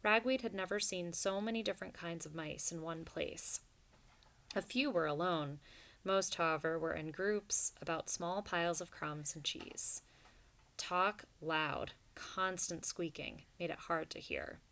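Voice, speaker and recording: A woman narrating a storybook in a steady, even reading voice. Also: fairly low pitch, measured pace. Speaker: audiobook narrator.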